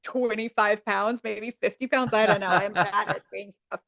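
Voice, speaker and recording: A woman's voice: medium pitch, moderate pace, vocal fry. A woman chatting as a podcast guest, retelling scenes with lots of laughter and acting out the quotes. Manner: animated retelling, laughs often, acts out quotes. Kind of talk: casual chat.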